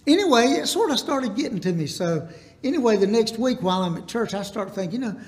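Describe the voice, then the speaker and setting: A man delivers a Baptist sermon in a notably high voice. He wanders through homespun stories, then stops to ask the congregation to repeat lines back to him. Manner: folksy, rambling, calls out for congregation responses. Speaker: Baptist preacher. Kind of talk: storytelling sermon.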